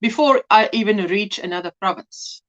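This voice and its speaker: On a casual crochet livestream recorded by phone, a South African woman chats at a normal speed in a mid-range voice, with lo-fi sound. She says hello to viewers and reads their comments aloud.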